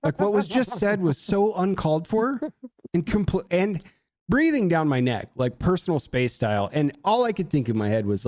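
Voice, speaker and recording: A man on a podcast telling a story in casual chat, animated, swearing a lot and acting out what people said. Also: high-pitched, normal speed, no room sound, studio quality. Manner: animated, heavy swearing, acts out quotes. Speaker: podcast co-host.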